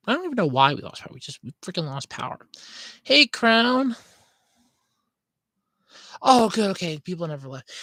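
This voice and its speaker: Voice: medium pitch, sharp tone, no echo. Rambling, scatterbrained podcast host, dry sound. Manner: apologetic, frustrated rant. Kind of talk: casual livestream chat.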